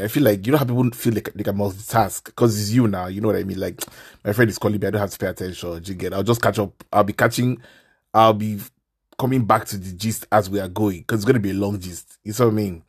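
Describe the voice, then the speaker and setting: A man, hosting a casual podcast and ranting in an animated, exasperated way. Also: fairly low pitch, husky.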